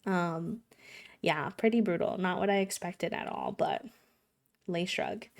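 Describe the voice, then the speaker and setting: A woman's voice: lowish voice, a little slow, vocal fry. Chatty young woman streamer. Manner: chatty, animated storytelling with many fillers. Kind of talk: casual chat to a live stream audience.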